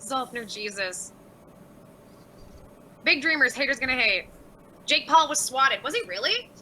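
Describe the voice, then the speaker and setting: A woman's voice: high voice, big pitch swings, a little slow, bright, forceful tone, slight background noise, low-quality recording. A woman livestreaming and reading out chat messages, talking bluntly with lots of swearing and exasperation.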